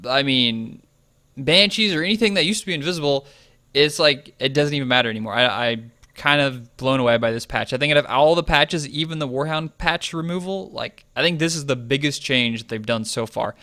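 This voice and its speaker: A man's voice: mid-range voice, brisk, pushed and bright, no room sound. A man hosting a game video, chatting casually about balance changes and thinking aloud with plenty of fillers. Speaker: gaming video host.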